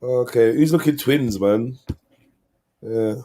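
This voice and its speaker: A man, hosting a live stream and chatting casually with slang and shout-outs to viewers. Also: mid-range voice, slow. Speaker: livestream host.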